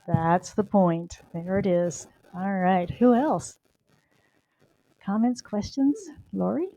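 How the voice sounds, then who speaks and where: A woman's voice: mid-range voice, slow, warm tone, dry recording. A woman minister inviting her congregation to share, with brief encouraging prompts. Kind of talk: leading congregation sharing.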